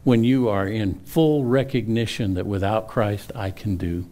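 男牧师在讲道，语气恳切，常有重复和强调。. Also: male voice, fairly low pitch, unhurried, dark tone. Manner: earnest preaching with repeated words and rising emphasis. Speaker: pastor. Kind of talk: sermon.

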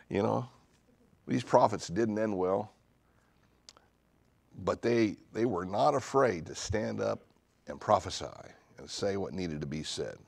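A middle-aged male pastor preaching a charismatic sermon in church, dropping to low asides and then building to loud declarations with humorous jabs. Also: lively intonation, slow, creaky, long pauses, husky, no echo. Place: church sanctuary.

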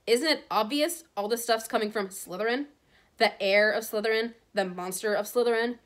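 A woman voicing an indignant teenage schoolboy who speaks loudly and stirs up the crowd, reading from a storybook. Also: a little high, big pitch swings, a little fast. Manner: loud, rabble-rousing. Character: indignant teenage boy student.

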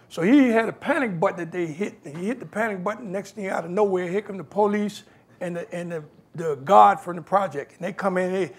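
Gravelly older New man. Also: sits high, fairly quick. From New York. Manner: animated, acts out quoted voices. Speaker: guest speaker. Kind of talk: storytelling talk.

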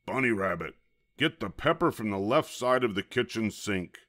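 A man's voice: deep voice, expressive, slow, a bit bright, no room sound, studio quality, exaggerated voice. A man voicing a grumpy, bossy male varmint who snarls and growls his orders, in a storybook reading.

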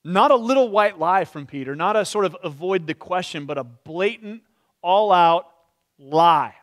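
A pastor preaching a sermon in a church, telling the story expressively and dropping to quiet, slow tones at solemn moments. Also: male voice, sits high, lively intonation.

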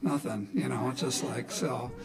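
A man's voice: medium pitch, normal speed, gravelly. A middle-aged man from Milwaukee, a folk musician telling a rambling, folksy story on stage between songs, with lots of "you know". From Milwaukee, Wisconsin.

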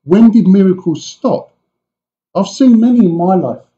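Mellow-voiced pastor preaching conversationally. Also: male voice, sits high, measured pace, muffled recording. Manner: animated retelling of scripture with asides to the congregation. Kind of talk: conversational sermon. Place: church.

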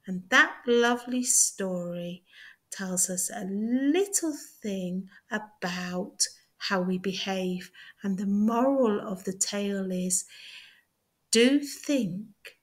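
A woman tutor reading a children's story aloud, clear, deliberate and expressive. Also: mid-range voice.

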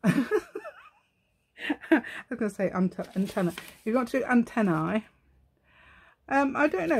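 A woman's voice: mid-range voice, slightly rough. A middle-aged woman hosting a casual crafting tutorial, chatting as she works, thinking aloud, poking fun at herself and humming little tunes. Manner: chatty, thinks aloud, self-mocking, hums and sings to herself. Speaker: craft channel host.

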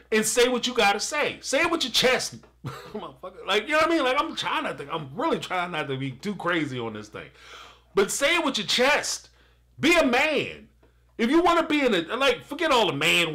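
A middle-aged man rants through a live reaction, his voice high and lively, swinging up and down. The tone is bright and forceful as he laughs and fires off his takes. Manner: fired up, ranting and laughing, talks straight at the viewer. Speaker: live-stream reaction host. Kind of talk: animated reaction commentary.

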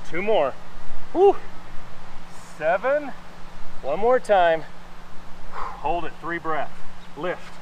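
A man's voice: sits high, a little hiss or hum, low-quality recording. A man from Wisconsin leading a guided workout outdoors, counting reps aloud, joking playfully and breathing hard from the exercise. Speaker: fitness instructor. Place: outdoors in the sun.

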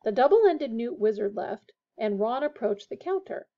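A woman reading a children's fantasy novel aloud in a steady, expressive way. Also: fairly high pitch, moderate pace. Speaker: audiobook reader. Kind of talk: storybook narration. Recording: dull lo-fi recording.

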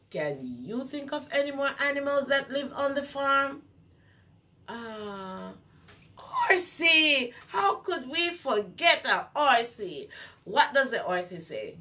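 A woman teacher leading circle time, talking to young children in an animated, sing-song way with gasps of delight. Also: fairly high pitch, drawn-out words, recorded from a distance, a little hiss or hum.

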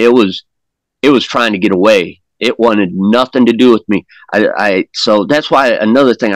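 A man's voice: medium pitch, dry recording, rough recording. A man casually telling a story as an interview guest, plain-spoken and rambling, often repeating words as he goes. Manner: folksy, plain-spoken grammar. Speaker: guest recounting an encounter.

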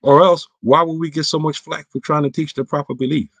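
Emphatic imam answering questions. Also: male voice, fairly high pitch, fairly even intonation, fairly quick, no room sound. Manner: emphatic, voice climbs when stressing a point; casual, clipped everyday grammar. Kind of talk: online roundtable talk answering viewer questions.

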